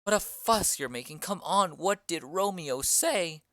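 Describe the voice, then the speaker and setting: Reader as an eager young girl in love, bright and clear, pleading and pressing, dry close sound, amateur play reading. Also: mid-range voice, animated, measured pace, no room sound.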